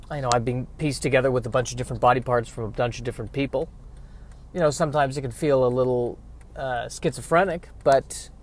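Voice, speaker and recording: A man's voice: medium pitch, close to an everyday voice. A man voicing a mild-mannered Frankenstein's monster, an easygoing, self-accepting figure who rambles with hesitant fillers, recorded in a car while driving. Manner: rambling, hesitant, full of "you know" fillers.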